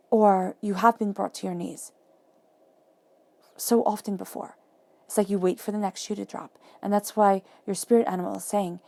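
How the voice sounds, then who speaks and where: A woman giving a monthly tarot reading, talking softly and reflectively and repeating phrases for emphasis. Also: medium pitch, vocal fry. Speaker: tarot reader.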